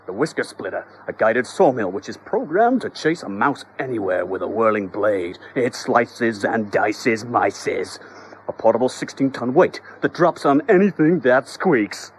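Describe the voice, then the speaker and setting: A man narrating a children's story in a scripted, expressive, comic storytelling manner. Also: medium pitch, measured pace, a little hiss or hum, low-quality recording.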